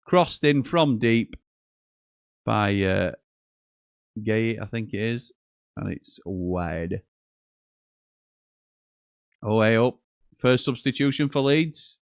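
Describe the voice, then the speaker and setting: A man hosts a live football watchalong in a relaxed, joking way, reading out viewers' messages as he goes. His voice sits a little low. The sound is dry and close, with no room echo. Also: slow, creaky, pauses often, smooth. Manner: chatty, jokey, reads out messages and chuckles often. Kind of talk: live casual commentary reading viewer chat.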